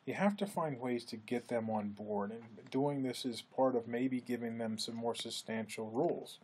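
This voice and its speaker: Husky-voiced man giving a casual lecture. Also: normal speed, darkish tone. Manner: conversational, acts out quoted speech with lifted pitch. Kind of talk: recorded lecture.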